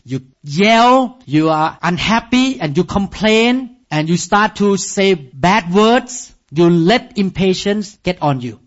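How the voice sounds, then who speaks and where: A male preacher with a high voice delivers a sermon in an emphatic, repeating style and calls on the listeners to respond. The recording is dull and lo-fi.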